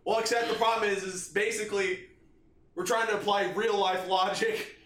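A man's voice: high-pitched, steady tone, moderate pace, fairly bright tone. A man co-hosting a podcast, dropping wry, sarcastic remarks in casual chat. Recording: roomy room with faint noise.

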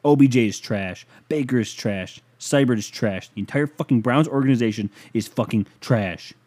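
A man in a mellow voice doing a dramatic reading of a furious football fan's profane rant. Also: mid-range voice, normal speed, natural voice. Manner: ranting, profane. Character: furious bitter male football fan.

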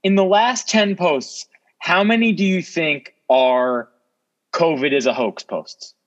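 A man's voice: on the high side, slow pace. A young man co-hosting a podcast over a remote connection, earnest and a bit bewildered. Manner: earnest, bewildered, with frequent restarts. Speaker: podcast co-host. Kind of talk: casual podcast chat. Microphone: remote call. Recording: dull remote audio line.

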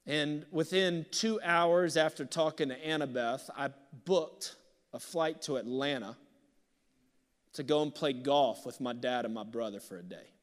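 A male pastor preaching a sermon, swinging from loud bursts to hushed, near-whispered passages. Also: on the high side, unhurried. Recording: long reverb of a large hall.

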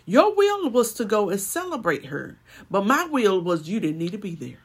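A woman's voice: mid-range voice, big pitch swings, normal speed, breathy edge. A woman preaching a sermon and telling a personal story, building to emphatic swells.

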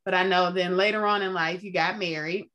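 Bright, affirming woman host. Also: lowish voice, steady tone, fairly quick. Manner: affirming, relatable, chatty. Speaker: podcast host. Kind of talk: supportive interview chat.

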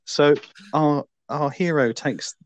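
A man's voice: a little high, slow, no room sound. A man in a casual film review chat, dry and sardonic in his delivery.

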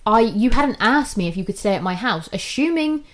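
A woman's voice: fairly high pitch, fairly quick. A young woman, casually telling a story on a podcast, swearing often and acting out what people said. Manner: animated, swears often, acts out quotes.

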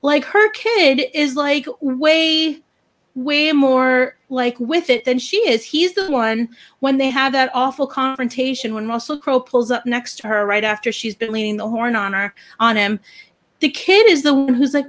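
A woman chatting casually as a podcast host, ranting in an animated, opinionated way. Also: high-pitched, a little slow. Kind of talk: casual chat.

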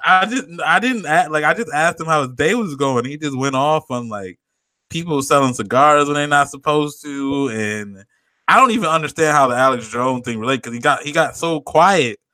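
Young male podcast co-host, bright and dry close-mic sound, loose rambling storyteller who swears freely. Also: on the high side, animated, normal speed, no room sound. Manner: rambling, laughing, swearing a lot. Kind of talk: casual chat, storytelling.

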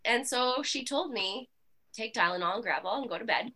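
A woman guest on a podcast telling her personal story in a candid, animated way, with many fillers. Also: fairly high pitch, normal speed. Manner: animated, with frequent fillers and laughs.

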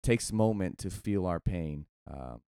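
A deep-voiced man talks through a casual faith discussion in a loose, animated way, throwing in "dude" and "man" as he goes. His tone is smooth and resonant, and the sound is close and dry. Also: a little slow, no echo. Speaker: podcast co-host.

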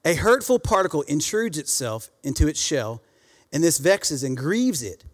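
A man's voice: fairly high pitch, sing-song, moderate pace. A man preaching a sermon to a congregation, calling out for responses and reading scripture aloud. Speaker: pastor. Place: church sanctuary. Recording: church hall reverb.

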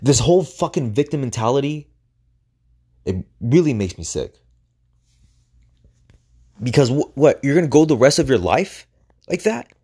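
A man's voice: mid-range voice, very animated, moderate pace, pauses often, a little mellow, breathy edge. A man hosting a podcast, delivering a motivational monologue full of swearing and rhetorical questions. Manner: profane, emphatic, rhetorical questions. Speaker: podcast host.

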